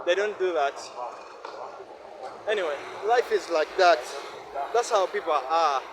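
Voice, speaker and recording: A Ugandan man in his twenties vlogs outdoors beside a busy road, his fairly high voice riding over loud traffic noise. He speaks earnestly and repeats himself, often checking in with the listener. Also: a little slow, long pauses. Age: 20s. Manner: earnest, repetitive, asks listener "no?". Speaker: vlogger. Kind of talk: casual vlog monologue.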